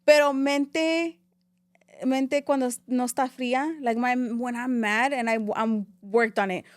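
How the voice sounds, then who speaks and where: A young woman, telling her story as a podcast guest in a rapid, animated way and switching between English and Spanish. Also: high-pitched, no echo, studio quality. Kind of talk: casual interview storytelling.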